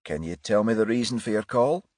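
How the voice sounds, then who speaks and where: A man's voice: on the low side, a little fast, a little mellow, no echo, natural voice. A man voicing a male detective constable, matter-of-fact with a dry humour.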